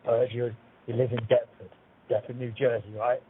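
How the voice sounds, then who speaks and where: A man's voice: medium pitch, level tone, fairly quick, lightly acted. A man putting on a menacing Cockney caller. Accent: put-on Cockney. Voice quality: husky, mumbled. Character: threatening male Cockney caller, angry ex-boyfriend. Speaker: prank caller. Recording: tinny phone line.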